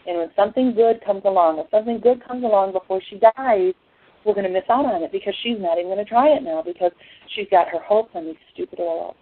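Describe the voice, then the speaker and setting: A woman speaks to a class in a husky, slightly breathy voice, pouring herself into a personal testimony. She swings from hushed moments to excited bursts. The sound is thin and phone-like, with no room echo at all. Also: medium pitch. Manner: impassioned storyteller, swings between hushed and excited. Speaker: essential oils class speaker. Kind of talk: emotional personal testimony talk. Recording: tinny phone-like dry sound.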